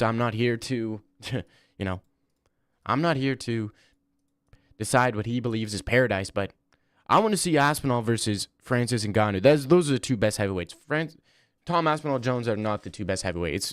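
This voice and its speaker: A man's voice: mid-range voice, clear, resonant tone, no echo. A young man hosting a livestream, chatting casually and reading viewer comments, rambling and slangy. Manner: rambling, slangy, says "bro" often. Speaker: livestream host.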